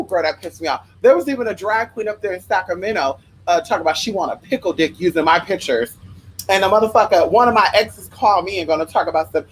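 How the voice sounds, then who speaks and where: A spiritual worker telling rambling stories to viewers in a sassy, profane, animated way, often drifting into side tangents. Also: brisk, husky, rough recording. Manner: profane, sassy and animated, with big pitch swings. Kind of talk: casual storytelling to viewers.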